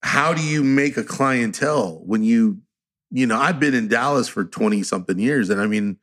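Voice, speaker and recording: A man's voice: normal speed, fairly bright tone. A man, a tattoo artist guest, chatting profanely on a podcast and telling stories. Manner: profane, storytelling, imitates others in a low voice. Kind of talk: casual podcast chat.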